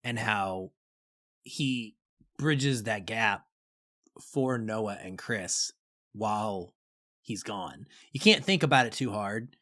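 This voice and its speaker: A man's voice: on the low side, slow, pauses often, sharp tone. A man co-hosting a film podcast, talking casually and enthusiastically. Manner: enthusiastic, conversational. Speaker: podcast co-host. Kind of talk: casual film review chat.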